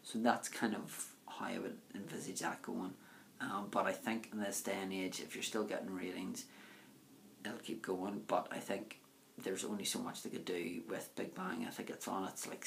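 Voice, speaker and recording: A man's voice: fairly low pitch, gravelly, slight background noise. A man vlogger answering viewer questions in a casual, rambling monologue full of filler words. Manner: rambling, full of "um", "you know" and "like".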